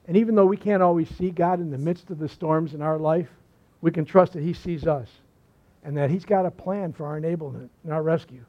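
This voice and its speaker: A man's voice: on the high side, a little fast. A male pastor preaching a sermon, telling stories in a folksy way with repeated phrases and asides. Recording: slightly muffled recording.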